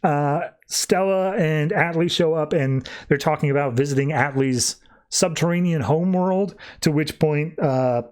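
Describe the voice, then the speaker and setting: A man hosting a podcast, recapping a comic book in a casual, animated way and briefly voicing the characters as he goes. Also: fairly high pitch. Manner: animated retelling with quick voiced asides. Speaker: podcast host.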